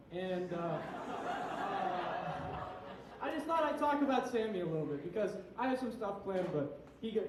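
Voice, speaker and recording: A young man with a fairly high voice does a rambling, crude stand-up set, a little tipsy and self-deprecating. He sounds set back from the mic in an echoey room, with a faint hum of ambience behind him. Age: young adult. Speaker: stand-up comic. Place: small comedy venue with an audience. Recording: echoey room, heard from a distance.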